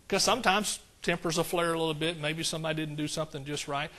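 Folksy East Texas preacher, slightly high voice. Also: male voice, fairly even intonation, quick pace, hardly any pauses. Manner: folksy, calls for amens, rises high and loud on emphatic points. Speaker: pastor. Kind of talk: conversational sermon. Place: church.

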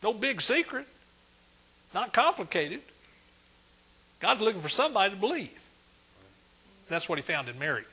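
High, husky-voiced male preacher. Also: very animated, moderate pace, long pauses. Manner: emphatic, swings between loud and hushed. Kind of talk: sermon.

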